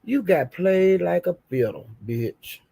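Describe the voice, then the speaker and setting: A woman's voice: fairly low pitch, expressive, takes it slowly, gravelly, mellow, husky, no echo. A middle-aged woman hosting a livestream, delivering a heated, profane and emphatic scolding rant. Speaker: livestream host.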